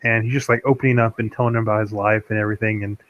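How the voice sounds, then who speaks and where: A man's voice: fairly low pitch, level tone, rapid-fire, no echo. A man co-hosting a podcast, rambling through a movie recap in casual chat. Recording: dull dry lo-fi sound.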